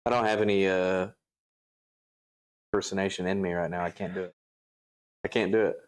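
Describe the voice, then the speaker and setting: Low-voiced laid-back male co-host. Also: steady tone, fairly quick, smooth. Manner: laid-back, agreeable, chimes in with short replies. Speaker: livestream co-host. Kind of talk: casual chat.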